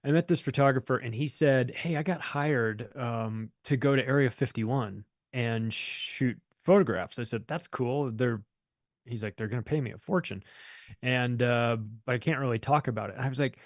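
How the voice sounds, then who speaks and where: A man's voice: medium pitch, moderate pace, no echo. Man, podcast guest, casual storytelling, swears a lot, acts out quotes, dry close sound. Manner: rambling, profane, acts out quoted voices.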